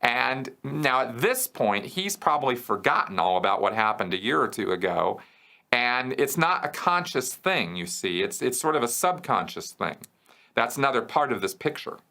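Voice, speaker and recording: Male host, bright clear tone, easy explanatory delivery, keeps asking "okay?". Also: medium pitch, big pitch swings, moderate pace. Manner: conversational, checks in with "okay?" and "right?". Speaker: host answering viewer questions. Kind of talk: explanatory casual talk.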